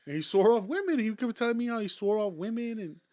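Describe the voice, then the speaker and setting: Young male podcast host, slightly higher voice, loose rambling storyteller, swears a lot, casual banter. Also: animated, fast, darkish tone. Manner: rambling, profane storytelling full of "like". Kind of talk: casual chat.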